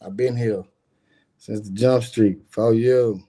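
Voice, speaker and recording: A man's voice: lowish voice, fairly even intonation, slow pace, warm tone. A middle-aged man, a guest on a live stream, telling a personal story in a casual, emphatic and profane way, often turning to speak straight to his listeners.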